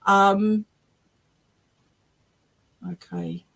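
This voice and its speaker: A woman medium gives an online reading over a video call. Her voice sits at a middling pitch for a woman. She is chatty and emotional, keeps checking in with her listener, and slips easily into laughter and teary exclamations. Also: monotone, very slow, a bit bright. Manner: chatty, checks in often with "okay?" and "all right?". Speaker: spiritualist medium.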